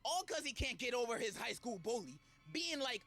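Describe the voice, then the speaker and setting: A man doing a sarcastic, slangy comedy rant in a fairly high voice that swoops around a lot. Background music plays under his voice throughout. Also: sing-song, brisk, creaky, fairly bright tone. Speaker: video commentator.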